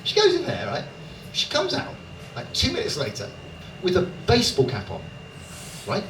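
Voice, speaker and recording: His pitch sits high and swoops wildly, at a moderate pace with some vocal fry. He's a British stand-up from Dorset, England, doing chatty, self-deprecating crowd work on a comedy club stage and frequently checking in with the audience. The recording is distant, echoey and noisy, with laughter and room sounds around him.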